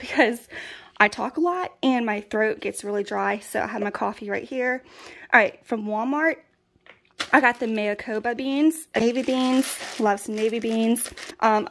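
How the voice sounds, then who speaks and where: A woman's voice: on the high side, normal speed. A woman, chatting casually through a food haul. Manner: chatty, folksy, laughs often. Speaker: prepping vlogger. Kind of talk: casual pantry haul chat.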